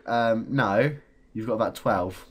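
A man's voice: on the low side, slow pace. A young man from England teasing his friend and swearing playfully during a casual geography guessing game. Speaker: gaming video co-host.

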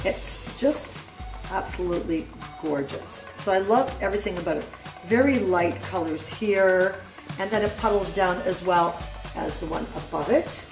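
A woman's voice: on the low side, creaky. A middle-aged woman giving a rambling, enthusiastic tour of her houseplants at home, often unsure of their names. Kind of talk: casual home video tour. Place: home room with plants. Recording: roomy home echo with music behind.

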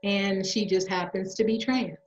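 A woman's voice: mid-range voice, steady tone, a little slow, roomy sound, lo-fi sound. A woman playing a mother in a monologue, emotional and defiant as she speaks out. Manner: emotional, defiant, building to anger. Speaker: mother speaking on her platform. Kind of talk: theatrical monologue.

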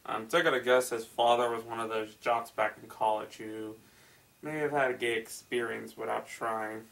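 A man reading a story aloud and breaking in with sarcastic, incredulous commentary that rises into loud exclamations. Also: medium pitch, little pitch movement, normal speed, vocal fry. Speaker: creepypasta reader and commentator.

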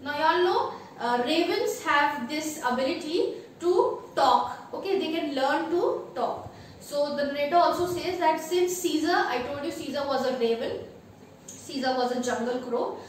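A woman's voice: high voice, unhurried, slight background noise. A woman teacher, reading a storybook aloud and explaining it to children with many fillers and restarts. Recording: echoey room, mic from far off.

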